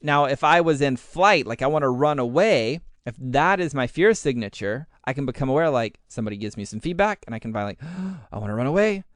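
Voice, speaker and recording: Brief: male podcast host, smooth resonant voice, dry close sound, animated, acts out his thoughts mid-sentence. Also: mid-range voice, fairly quick, few pauses, dry recording. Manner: animated, acts out his own inner voice in quotes; uses many fillers like "like". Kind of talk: casual podcast talk.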